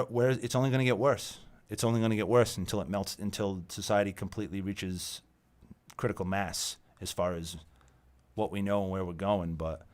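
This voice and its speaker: A tired, exasperated man hosting his own channel, ranting about software and the internet, swearing often and repeating himself. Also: mid-range voice. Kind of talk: profane tech rant monologue.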